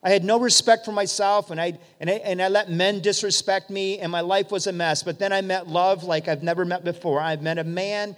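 A man's voice: high-pitched, fairly even intonation, a little fast, few pauses, a bit bright. A man speaking as a forgiven woman who confesses her past in a heartfelt way. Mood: confessional. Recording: long hall reverb.

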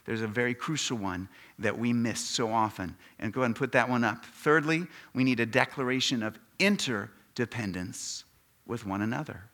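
A male pastor delivers a sermon in a bright, forward voice at an ordinary middle pitch. He drops to hushed asides, then climbs to loud, emphatic peaks. He often turns questions to his congregation. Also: normal speed. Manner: preaching with big swings from quiet to loud, asks the congregation questions.

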